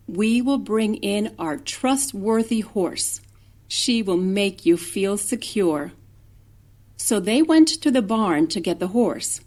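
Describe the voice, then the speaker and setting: A woman teacher reading a children's storybook aloud, slowly and expressively, with animal noises and character voices. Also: mid-range voice, darkish tone.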